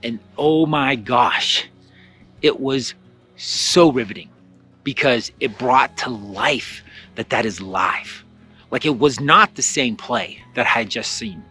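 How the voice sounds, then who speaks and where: A man teaching spiritual self-help in a casual, storytelling way, chatty and animated, with lots of fillers and acted-out asides. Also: mid-range voice, slow pace, husky, faint music behind. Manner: chatty and animated, with many fillers and acted-out quotes of his own thoughts.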